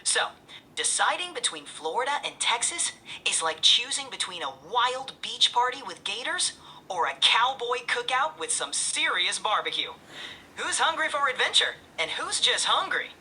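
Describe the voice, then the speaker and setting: A woman's voice: a little high, big pitch swings, normal speed, pushed and bright. A synthetic woman's voice acting as an AI assistant, answering in a cheerful, eager and polished way. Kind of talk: upbeat assistant replies.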